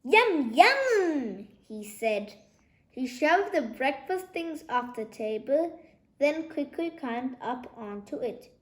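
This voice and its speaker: A woman reading a children's novel aloud, narrating in an expressive, lively way, recorded in an echoey room. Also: high-pitched, takes it slowly. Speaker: storybook narrator.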